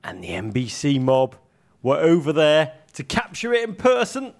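A middle-aged man co-hosting a casual football podcast, making wry, deadpan jokes. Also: on the high side, moderate pace. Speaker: podcast co-host.

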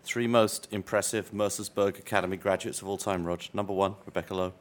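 A man's voice: deep voice, steady tone, brisk. A man hosting a chat show, joking and bantering with his guest. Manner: jokey, bantering. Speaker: host. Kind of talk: casual chat.

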